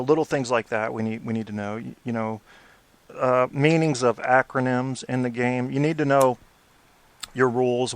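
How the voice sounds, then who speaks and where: A man's voice: medium pitch, no room sound. A man in his forties hosting a post-game hockey talk show, opinionated and blunt, swearing when riled. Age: 40s. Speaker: podcast host.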